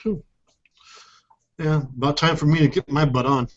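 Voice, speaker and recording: A man co-hosting a casual online chat, easygoing and quick to laugh at himself. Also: a little high, fairly even intonation, highs cut off. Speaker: co-host.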